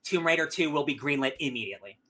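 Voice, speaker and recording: A man's voice: mid-range voice, expressive, fast talker, pushed and bright. A man co-hosting a casual chat, joking and laughing often. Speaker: co-host.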